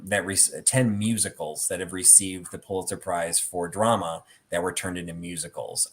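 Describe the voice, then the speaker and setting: A middle-aged man with a fairly low voice hosts a relaxed talk. He rambles through anecdotes, sprinkling in "um" and "you know" as he goes. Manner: rambling storyteller with many fillers. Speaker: host. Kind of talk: casual chat about theatre collectibles.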